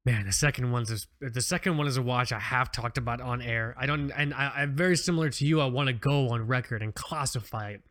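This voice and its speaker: A man's voice: medium pitch, fast talker, few pauses, a bit bright. A man co-hosting a podcast in casual chat, rambling and joking with plenty of restarts and fillers. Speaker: podcast co-host.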